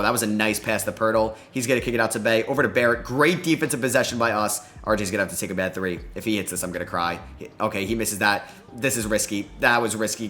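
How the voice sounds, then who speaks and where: Bright-voiced excitable young man commentating a game. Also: mid-range voice. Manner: excitable, groans and cheers at plays. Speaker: gaming commentator. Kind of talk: live basketball video game commentary.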